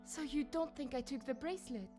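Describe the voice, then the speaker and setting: An actress playing an anxious young maid who pleads and defends herself, in a game. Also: female voice, sits high, fairly quick, music in the background, lightly acted. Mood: defensive.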